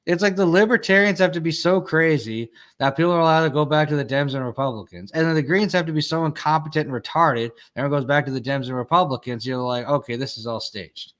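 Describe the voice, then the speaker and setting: A man's voice: a little high, fast talker, hardly any pauses, a bit bright. A man hosting a casual talk show, rambling and crude as he talks. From Chicago. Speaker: podcast host. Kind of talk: casual chat.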